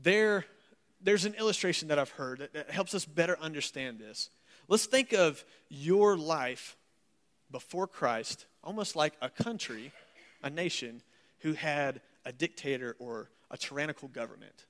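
Male pastor, sermon, folksy and animated, slightly higher voice. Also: normal speed. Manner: folksy, animated and joking, reading scripture aloud. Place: church service.

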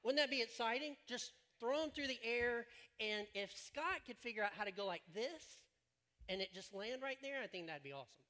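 Bright-voiced, joking pastor. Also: male voice, extremely high pitch, animated, normal speed. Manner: joking, rambling storyteller. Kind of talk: sermon. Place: church stage.

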